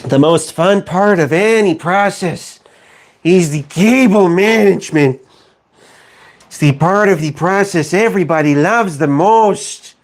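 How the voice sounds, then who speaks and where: A young man with a high-sitting voice speaks at a measured pace while chatting casually on a stream. He rambles on, joking and poking fun at himself.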